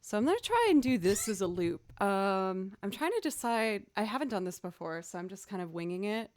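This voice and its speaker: A woman's voice: mid-range voice, sing-song, fairly quick, a little mellow. A woman livestreaming as a musician, chatting casually, thanking viewers and humming beats aloud. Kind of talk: casual live stream chat.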